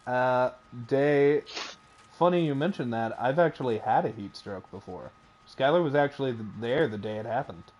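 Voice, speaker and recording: A man's voice: medium pitch, lively intonation, moderate pace, a little mellow, muffled recording. A man hosting a casual game stream, joking around and swearing freely at a home desk mic. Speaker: streamer host.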